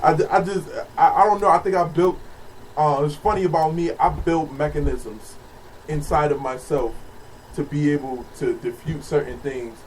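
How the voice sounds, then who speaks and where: A man with a slightly high voice tells a story in an easygoing, lively way and laughs a lot as he goes. He speaks a little away from the mic, with a faint hiss underneath. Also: normal speed. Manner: laughs often, tells stories animatedly. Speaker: podcast co-host. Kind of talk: casual storytelling chat. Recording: distant mic with faint background noise.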